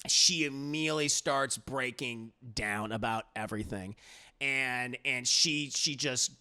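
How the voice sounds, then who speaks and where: A man reviewing an anime episode in casual recap style, animated and profane, with lots of fillers. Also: medium pitch, unhurried, clear, resonant tone.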